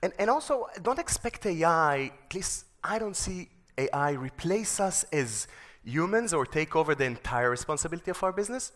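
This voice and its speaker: A man's voice: sing-song, normal speed, fairly bright tone. Enthusiastic male keynote speaker. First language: Hebrew. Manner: storytelling, enthusiastic pitch. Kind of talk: conference keynote. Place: conference stage.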